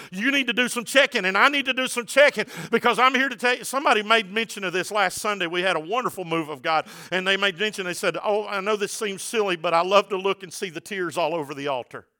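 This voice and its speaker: Man, pastor, sermon, high-pitched, forceful bright tone, impassioned preaching. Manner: builds from quiet talk to loud impassioned preaching.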